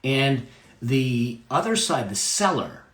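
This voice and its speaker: A man's voice: mid-range voice, big pitch swings, slow, fairly bright tone, reverberant. A man giving a live motivational talk about money, emphatic, repeating key phrases and checking in with "okay?".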